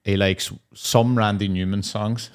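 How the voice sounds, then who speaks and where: A man's voice: fairly low pitch, steady tone, unhurried, smooth. A young adult man co-hosting a comedy podcast, riffing casually and laughing often between jokes. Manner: jokey, laughs often, acts out quotes. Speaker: podcast co-host and stand-up comic.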